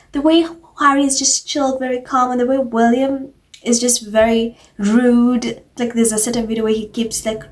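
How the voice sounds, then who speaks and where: A woman hosting a casual commentary video, talking to her viewers in a chatty, indignant way with many fillers. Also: on the high side. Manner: chatty and indignant, lots of "like" and "you guys". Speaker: commentary channel host.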